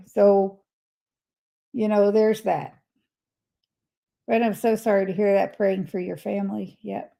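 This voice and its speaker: A woman's voice: mid-range voice, steady tone, takes it slowly, creaky, pauses often, poor audio. An older woman hosting a casual livestream, reading viewer comments aloud and replying to them in a chatty way. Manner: chatty, reads messages aloud and replies warmly. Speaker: livestream host.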